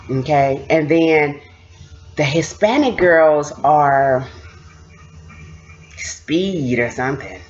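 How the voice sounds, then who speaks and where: A woman with a lowish voice that swings widely up and down tells stories in a loose, chatty vlog. She laughs often and acts out the people in her stories. The sound is dull and lo-fi. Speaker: vlogger recounting prison experience. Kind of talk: casual storytelling.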